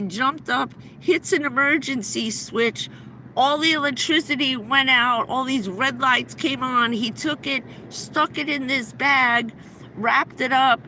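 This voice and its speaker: A middle-aged woman with a bright, clear voice spins a long story on her livestream, stumbling and restarting as she goes. A faint vehicle hum runs underneath. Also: high-pitched, rough recording. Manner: rambling, breathless anecdote with many restarts. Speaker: livestream host. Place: inside a vehicle.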